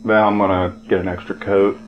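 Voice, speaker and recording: A man's voice: deep voice, little pitch movement, brisk, lo-fi sound. A man playing a tabletop game, brash and joking. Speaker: player. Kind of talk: casual tabletop play.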